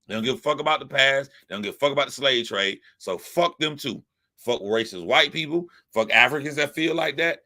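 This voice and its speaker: Forceful, profane man ranting. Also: mid-range voice, brisk. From United States. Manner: profane, emphatic, repetitive. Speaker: commentator. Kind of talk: ranting commentary.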